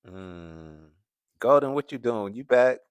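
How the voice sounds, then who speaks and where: A man hosting a commentary livestream, reading viewer comments and musing in a relaxed, casual way with frequent laughs. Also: mid-range voice, slow pace, smooth, no echo. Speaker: commentary channel host. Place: home in California.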